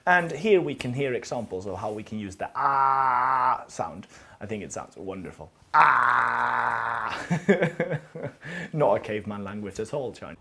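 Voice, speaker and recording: A man's voice: mid-range voice, sing-song, normal speed, a bit bright, slightly rough. A man teaching a casual video language lesson, explaining his own idea in a musing way with frequent restarts.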